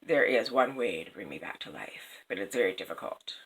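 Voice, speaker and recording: A woman voicing an enchanted statue of a loyal male servant in a hushed, low whisper. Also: lively intonation, brisk, heavily acted, rough recording. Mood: ominous.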